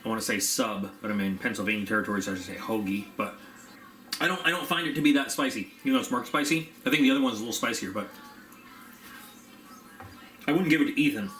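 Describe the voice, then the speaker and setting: A man reviews a product while unboxing it, chatty and rambling with fillers and sometimes chewing as he talks. His mid-range voice is bright and forceful, with lively intonation, a quick pace, and frequent pauses. Faint hum and echo fill the room.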